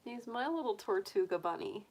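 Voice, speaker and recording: A woman's voice: mid-range voice, expressive, normal speed. A woman hosting a casual livestream, cooing in baby talk to her pet rabbit and chatting with viewers. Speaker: tarot reader livestream host.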